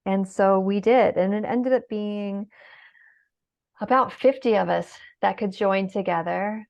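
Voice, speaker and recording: In a dull lo-fi recording, a middle-aged woman is interviewed in an emotional conversation. Her pitch is fairly low and a little mellow, and she sounds heartfelt and occasionally tearful, leaning on many fillers.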